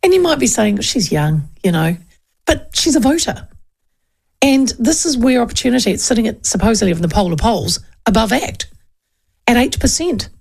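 A woman's voice: a little high, lively intonation, moderate pace, vocal fry, darkish tone, breathy edge. A woman in her fifties with a New Zealand accent, hosting a talk radio show in a chatty, digressive way. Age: 50s.

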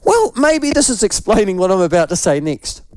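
Older NZ radio host, unwell with flu, fairly high voice, rambling self-deprecating yarns, dry studio sound. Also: male voice, very animated, moderate pace, dry recording. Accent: New Zealand. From New Zealand. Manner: rambling, self-mocking storyteller. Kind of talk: casual morning radio chat.

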